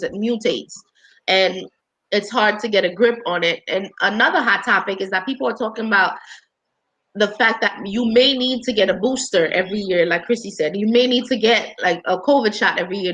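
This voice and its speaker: A woman's voice: medium pitch, a bit bright, rough recording. A woman who works in healthcare, talking casually on a panel, slightly congested, with frequent restarts. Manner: conversational, with frequent restarts and fillers.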